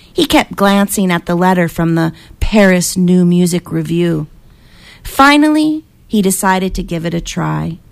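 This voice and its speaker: A woman reading a picture book aloud as a guest reader, with expressive storytelling and voices for the characters. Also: fairly low pitch, vocal fry.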